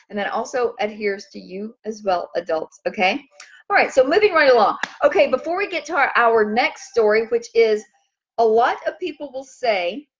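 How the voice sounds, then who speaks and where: A woman hosting a casual spiritual talk, chatty and rambling, who turns animated when she acts out what others say. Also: medium pitch, lo-fi sound. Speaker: host.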